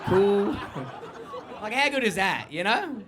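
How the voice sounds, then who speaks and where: A young Australian man working the crowd with a stand-up set, loud and brash and never slowing down. His voice sits high and has a sharp, bright edge. He swears freely and punches through every line with high energy. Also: big pitch swings. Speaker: stand-up comedian.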